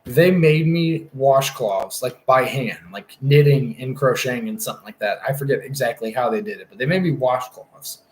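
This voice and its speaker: Young male streamer, mid-pitched, loose and profane, roomy echo. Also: normal speed, hardly any pauses, darkish tone, a little hiss or hum. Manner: rambling, profane, easily distracted. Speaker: livestreamer. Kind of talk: casual livestream chat.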